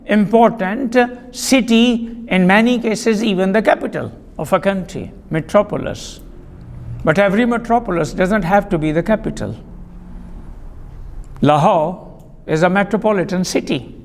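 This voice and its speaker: A male teacher giving a classroom vocabulary lesson, speaking deliberately, spelling out words and repeating sentences for dictation. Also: high voice, creaky, big-room sound.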